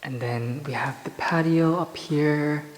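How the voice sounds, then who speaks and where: A man's voice: on the high side, unhurried, echoey room, a little hiss or hum, poor audio. A man vlogging and talking about painting in a loose, musing way, full of "like" and "you know", indoors in a townhouse. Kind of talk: casual vlog talk. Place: indoors in a townhouse at an artist residency.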